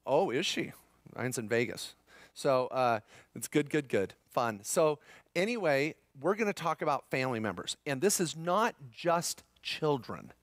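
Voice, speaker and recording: Middle-aged male seminar presenter, energetic and joking with the room, dry close-miked sound. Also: mid-range voice, measured pace, no echo. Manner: upbeat, jokey, addresses audience as guys. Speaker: seminar speaker on tax strategy. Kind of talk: live seminar talk to a room.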